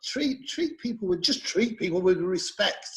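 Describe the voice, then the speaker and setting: An English man co-hosting an opinion chat, conversational, telling stories with halting restarts. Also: high-pitched, lively intonation, fairly bright tone, poor audio. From England. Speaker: co-host.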